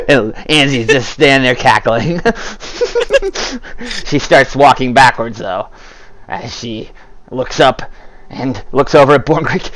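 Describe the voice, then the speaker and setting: A man narrating a tabletop game as game master, animated and full of sound effects. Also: medium pitch, slight background noise.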